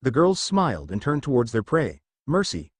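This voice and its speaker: A man reading out a fan-fiction story as scripted narration, with a lively, animated delivery. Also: mid-range voice, normal speed, husky, no room sound.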